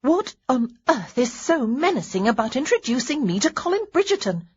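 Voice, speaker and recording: Woman reading as a young lady in a huff, snappy comebacks, high and jumpy voice. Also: very animated, normal speed, breathy edge, lo-fi sound, heavily acted. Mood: outraged. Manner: indignant, sharp retorts. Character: spirited young lady, quick to outrage.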